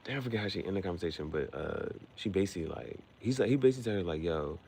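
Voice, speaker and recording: A man with a very deep, gravelly voice rambles through a movie recap, full of slang and asides. He tells it like casual chat with a friend, and a faint hiss sits under the recording. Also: rapid-fire. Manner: slangy, rambling, animated storytelling. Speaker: podcast host.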